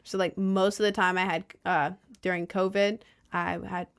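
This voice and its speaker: A young woman of about twenty, chatting casually to her viewers and telling stories in an animated way. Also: on the low side, normal speed, clear, resonant tone. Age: young adult, about 20. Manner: chatty, animated storytelling, mocking quoted voices. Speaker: content creator.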